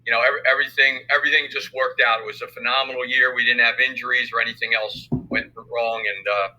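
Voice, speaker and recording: An older man speaks as a football coach in an interview. His voice has a sharp, bright edge at a middle pitch, and he talks in a measured, thoughtful way. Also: level tone, highs cut off. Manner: measured, thoughtful, many fillers. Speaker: high school football coach. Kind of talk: interview conversation.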